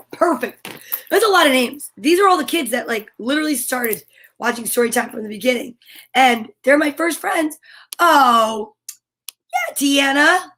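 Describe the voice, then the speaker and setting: A woman's voice: a little high, fairly bright tone. A woman hosting a storytime livestream for children, bubbly and sing-song, chatting to viewers and reading their comments aloud.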